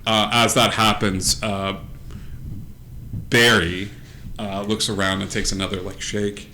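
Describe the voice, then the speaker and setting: A man's voice: lowish voice, little pitch movement, a little slow, pushed and bright, slight background noise. A man acting as game master of a live-streamed tabletop game, narrating in an improvised, rambling way full of fillers like "uh" and "like". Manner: rambling, filler-heavy, laughs between lines. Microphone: streaming mic.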